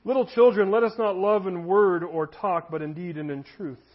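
A man in his thirties delivers a sermon in an easy, conversational way. His voice sits high for a man. The recording sounds dull and lo-fi. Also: moderate pace. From United States. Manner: conversational preaching, shifts into voiced anecdotes. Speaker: pastor. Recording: dull lo-fi audio.

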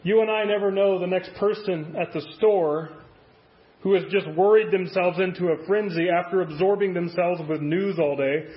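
A man's voice: high-pitched, steady tone, normal speed, lo-fi sound. A man preaching a conversational sermon as a pastor, full of rhetorical questions.

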